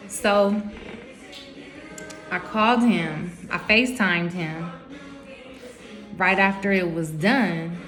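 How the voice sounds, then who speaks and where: Slow, candid woman vlogging at home. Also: medium pitch, a bit bright, faint music behind. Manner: candid, emotional, informal with slangy quoted speech. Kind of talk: personal storytelling to camera.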